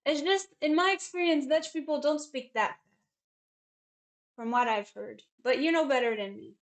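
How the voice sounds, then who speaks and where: A woman's voice: high voice, moderate pace. A young woman chatting casually on a live stream as a chess commentator, rambling and answering questions from chat.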